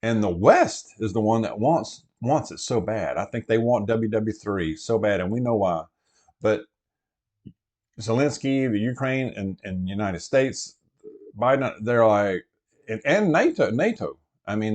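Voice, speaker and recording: A man's voice: lowish voice, lively intonation, a little slow, a little mellow. A man hosting a casual prepper vlog, talking from inside a truck in a meandering way full of fillers and restarts. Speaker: prepper vlogger host. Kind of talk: casual rambling vlog talk.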